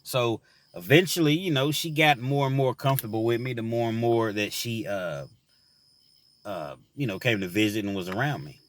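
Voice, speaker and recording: A man with a mid-range voice, speaking at normal speed, tells an earnest, reflective personal story about his time in prison. He fills it with "you know" and then turns to advice for young men. Slight background noise is audible.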